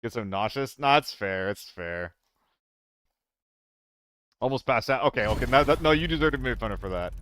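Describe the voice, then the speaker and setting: A man's voice: mid-range voice, expressive, moderate pace, pauses often, a bit bright, no room sound. Young male streamer, resonant dry voice, casual and profane banter with chat while gaming. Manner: loose and profane, chatting with viewers, flustered in fights.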